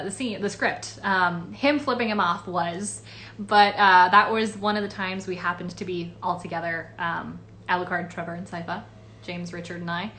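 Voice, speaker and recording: A woman's voice: fairly low pitch, fairly bright tone, slight background noise. A woman voice actress answering fan questions in a casual livestream, chatty and rambling with many fillers. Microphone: phone or webcam livestream.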